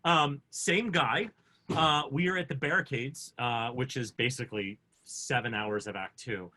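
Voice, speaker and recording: A man co-hosting a casual video chat, telling backstage stories with lively acted-out quotes. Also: mid-range voice, unhurried. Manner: lively, acts out quotes in funny voices. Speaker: co-host. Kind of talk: animated storytelling.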